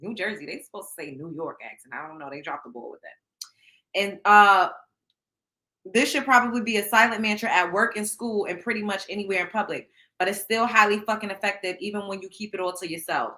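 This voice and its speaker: Woman host chatting to viewers and pulling cards, loud and cussing, bright sharp voice. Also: medium pitch, brisk. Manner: loud, animated and profane, talks straight to viewers. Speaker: show host. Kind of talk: casual chat and tarot card reading.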